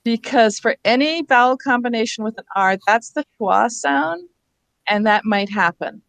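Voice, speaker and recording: A woman's voice: on the high side, normal speed, gravelly, fairly bright tone, no echo. Woman presenter teaching phonics to teachers. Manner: explanatory, spells out letters and sounds. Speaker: reading workshop presenter. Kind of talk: teacher workshop instruction.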